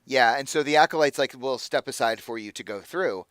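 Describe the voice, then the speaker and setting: A man's voice: mid-range voice, fairly quick, fairly bright tone, smooth, no room sound. A man narrating a tabletop game as game master, rambling with lots of fillers.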